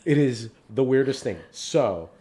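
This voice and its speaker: A man's voice: medium pitch, expressive, unhurried, dark tone. Easygoing man, Farsi native speaker. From Iran. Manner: easygoing, restarts and trails off while thinking. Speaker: podcast co-host, lawyer. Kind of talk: casual conversation.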